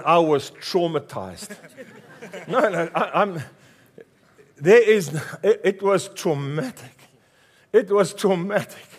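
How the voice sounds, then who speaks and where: A middle-aged South African man, a pastor, preaching a passionate sermon with emphatic repetition. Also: high-pitched.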